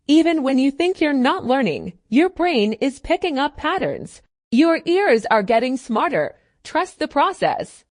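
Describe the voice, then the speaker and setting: A woman reads a scripted English listening lesson in a high, lively voice that moves a lot in pitch. She speaks clearly and steadily, with deliberate pauses and an encouraging tone. The sound is dry and close to the mic. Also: dry recording. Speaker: English teacher.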